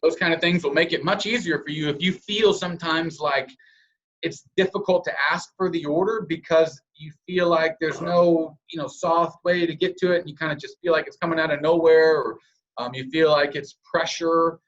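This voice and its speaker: A man's voice: fairly high pitch, steady tone, moderate pace, fairly bright tone, muffled recording. A man giving a sales training presentation over a call, coaching listeners and acting out example scripts in different tones.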